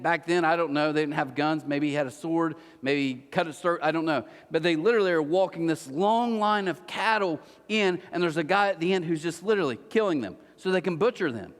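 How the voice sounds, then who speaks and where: A man preaching a sermon as pastor, telling stories with energy and acting out the voices of the people in them. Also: high voice. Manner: animated storytelling, acts out voices. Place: large church hall. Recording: reverberant church hall.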